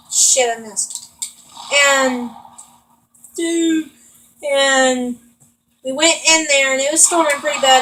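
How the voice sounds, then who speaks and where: A woman's voice: high-pitched, fairly bright tone, low-quality recording. A young woman venting in rambling, frustrated casual chat while she plays a video game. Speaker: vlogger.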